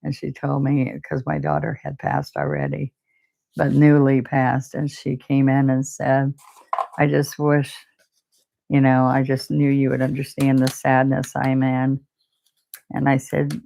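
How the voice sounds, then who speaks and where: An older woman, hosting a live painting stream. She talks softly and close to tears, often repeating words as she chats to viewers. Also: a bass voice, fairly even intonation, measured pace, vocal fry. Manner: soft-spoken, tearful, repeats words. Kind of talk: casual heartfelt chat to live viewers.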